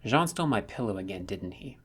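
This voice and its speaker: A man voicing a confused, eager young male soldier who fires off questions, with a husky voice. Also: lowish voice, lively intonation, fairly bright tone. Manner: bewildered, rapid-fire questioning.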